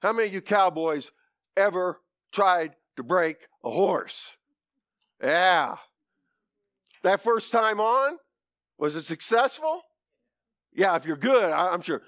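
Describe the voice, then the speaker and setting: A man preaching a folksy, animated sermon, with whoops and asides to the congregation. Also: sits high, takes it slowly, pauses often, dry recording, clean studio sound.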